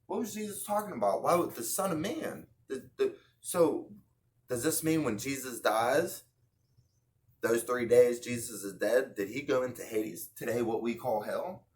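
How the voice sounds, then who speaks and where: Man, mid-pitched, casual earnest commentary, rhetorical questions, slangy restarts. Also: measured pace. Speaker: online video host.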